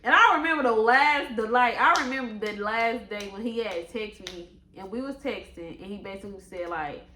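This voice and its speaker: A young woman speaking tells a storytime, animated and profane, breaking into sudden high squeals. Her voice is bright and sharp, and it sits a little high for a woman. The room gives it a noticeable echo. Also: a little hiss or hum. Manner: quotes others in a slower voice. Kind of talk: storytime vlog. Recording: echoey room.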